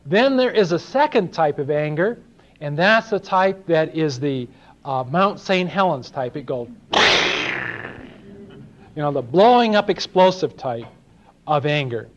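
A man's voice: fairly high pitch, expressive, a little slow, pauses often. Older man preaching, lo-fi recording. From Los Angeles. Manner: conversational, asks the congregation questions, acts out little dialogues. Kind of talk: sermon. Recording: dull lo-fi sermon recording.

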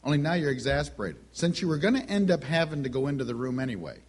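A middle-aged man preaching a sermon, telling stories with lively delivery and acting out the voices of the people in them. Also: on the high side, fast talker, breathy edge. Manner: animated storytelling, acts out quoted voices.

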